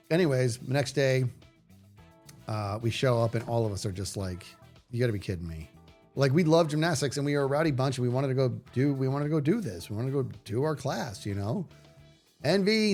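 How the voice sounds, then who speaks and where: A man in his forties, a livestream host telling a story in a casual way, animated and rambling, with many restarts. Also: mid-range voice, a little fast, faint music behind.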